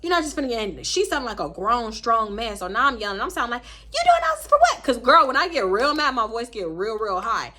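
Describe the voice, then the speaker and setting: A young woman from Houston, Texas, telling a casual storytime vlog in slangy, animated talk, often voicing other people in quotes. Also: fairly high pitch, fairly quick, few pauses, background noise. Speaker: storytime vlogger.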